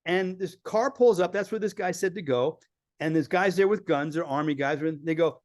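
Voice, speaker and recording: A man telling lively travel stories as a podcast guest, acting out the people he quotes. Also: fairly high pitch, moderate pace, no room sound, clean studio sound. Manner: animated storyteller acting out quoted voices. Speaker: filmmaker guest. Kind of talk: storytelling in a podcast interview.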